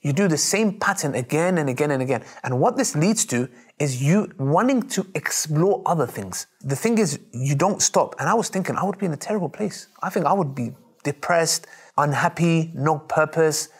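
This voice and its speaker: A man, telling stories in an interview in a lively, emphatic way and acting out the voices he quotes. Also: fairly high pitch, normal speed, slightly rough. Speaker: Muslim preacher interviewed. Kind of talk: animated storytelling in an interview.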